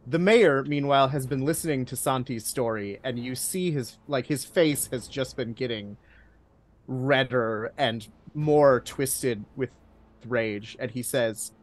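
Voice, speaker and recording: A man narrating a tabletop game as game master in a hushed, suspenseful way. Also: medium pitch, slow pace, faint music behind.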